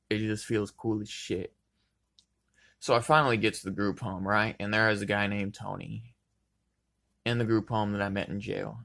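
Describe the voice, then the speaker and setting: A man's voice: fairly low pitch, vocal fry, fairly bright tone. A young man telling a laid-back, profanity-filled personal story in a casual, rambling way. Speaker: vlogger.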